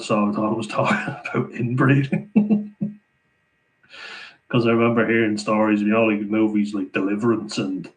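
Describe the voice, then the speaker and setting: A man's voice: on the low side, steady tone, a little slow, long pauses, a bit bright, rough recording. An Irish man hosting a casual live Q&A, chatting and laughing as he reads out viewer comments. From Ireland. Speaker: livestream host answering viewer chat.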